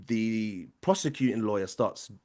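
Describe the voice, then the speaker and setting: A man's voice: fairly low pitch, expressive, measured pace, darkish tone. A man, a podcast producer, telling a long rambling story in casual chat and tagging lines with questions. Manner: rambling anecdote with frequent tag questions.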